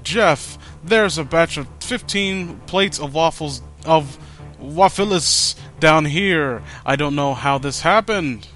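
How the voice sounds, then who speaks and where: Give it the fuss of a young masked housemate, as a man voices him, drawn out slowly in a slightly raised voice. A fan-fiction reading, with faint music under it. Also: on the high side, expressive, a bit bright. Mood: fussy.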